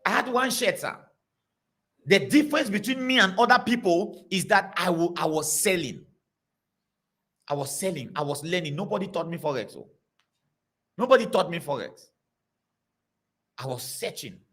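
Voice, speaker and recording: A man preaching to a congregation, telling stories in an animated, repetitive way. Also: high voice, moderate pace, long pauses. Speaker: pastor.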